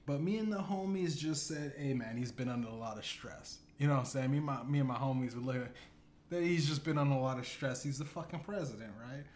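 A man's voice: a little high, quick pace, a little mellow, a little hiss or hum. A man hosting a comedy podcast, telling an absurd story in a rambling, profane way, full of "you know what I'm saying.". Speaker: podcast host. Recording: echoey room with faint ambience.

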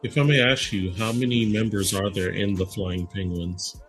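A low-voiced man hosts a podcast interview. He puts his questions in a measured way and reads out listener questions. Faint music sits behind him. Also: steady tone, fairly bright tone. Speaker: podcast host.

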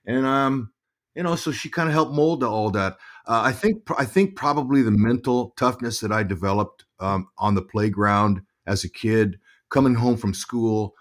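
A middle-aged man, a former ballplayer, telling stories as an interview guest in a lively, halting way that often repeats words. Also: medium pitch. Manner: animated storyteller, repeats words while thinking. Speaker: guest, former pro baseball player and broadcaster. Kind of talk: casual interview storytelling.

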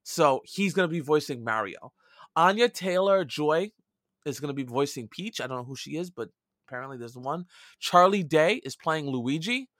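Bright-voiced Brooklyn man, casual gaming chat. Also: a little high, expressive, normal speed, no echo, clean studio sound. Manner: chatty and loose, with mild swearing and many restarts. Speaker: podcast co-host.

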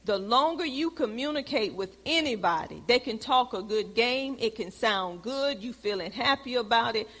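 A woman teaching a Bible lesson in a preaching style, telling stories with lively, loud exclamations. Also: fairly high pitch, moderate pace, few pauses. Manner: animated storytelling, rises to loud exclamations. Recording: long hall reverb.

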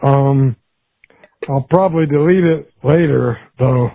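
A man leaving a halting, hesitant voicemail for a call-in show. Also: mid-range voice, gravelly, no echo. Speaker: caller. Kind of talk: voicemail message. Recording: tinny phone voicemail.

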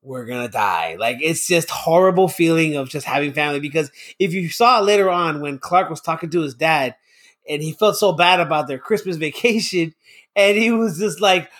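Excitable high-voiced man chatting. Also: moderate pace. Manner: excitable, laughs often, swears freely. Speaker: podcast co-host. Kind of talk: casual chat.

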